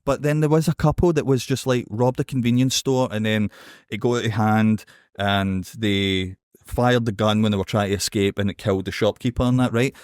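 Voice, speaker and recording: A man with a Scottish accent co-hosting a podcast, telling a story in an animated, sweary way and checking in with "right?". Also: fairly low pitch, a little fast, smooth, dry recording, studio quality. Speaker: podcast co-host. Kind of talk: casual chat.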